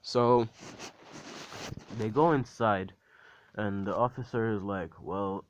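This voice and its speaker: A man's voice: on the low side, slow pace, lo-fi sound. A man casually retelling a fan story in a rambling way, full of fillers.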